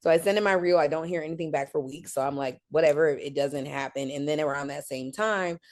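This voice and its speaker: A woman guest in a casual interview, telling her career story in an animated way and acting out the people she quotes. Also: low-pitched, brisk.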